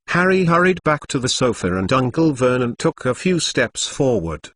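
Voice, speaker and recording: A man's voice: medium pitch, very animated, normal speed, few pauses, a bit bright, no echo. A man narrating a story as an audiobook. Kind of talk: audiobook narration of fan fiction.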